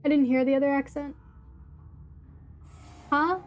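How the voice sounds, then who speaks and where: A woman's voice: high-pitched, fairly even intonation, a little slow, highs cut off, faint music behind. A young woman streaming a horror game, chatting casually with her chat and swearing now and then.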